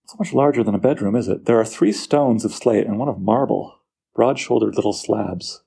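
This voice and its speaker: A man lecturing on a poem, lively and full of rhetorical questions to his listeners. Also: fairly low pitch, fairly quick, creaky, breathy edge. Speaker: literature teacher.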